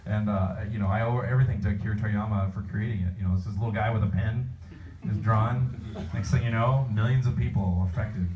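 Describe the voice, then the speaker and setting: A man, a voice actor answering fan questions at a convention panel, telling rambling, animated stories. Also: lowish voice, fairly quick, far from the mic, lo-fi sound, slight background noise. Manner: rambling, animated anecdotal storytelling. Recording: roomy hall, voice picked up from afar.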